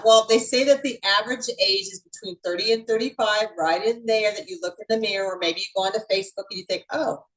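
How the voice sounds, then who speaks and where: A woman in her sixties hosts an online beauty event in a chatty, upbeat way. She talks straight to her viewers, with a voice of middling pitch. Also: fairly bright tone, rough recording. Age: 60s. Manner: chatty, upbeat, addresses the audience directly. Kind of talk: casual online presentation.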